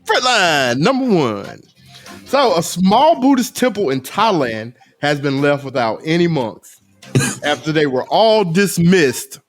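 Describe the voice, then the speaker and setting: A man's voice: a little high, very animated, slow, soft background music. A man co-hosting a comedy podcast, laid-back and teasing, reading oddball news items. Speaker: podcast co-host, news segment reader. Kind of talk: casual comedy podcast chat.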